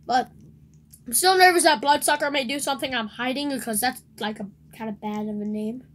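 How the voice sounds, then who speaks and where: A woman hosting a let's play video, rambling and excitable, shrieking whenever something surprises her in the game. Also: sits high, brisk. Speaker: gaming video host.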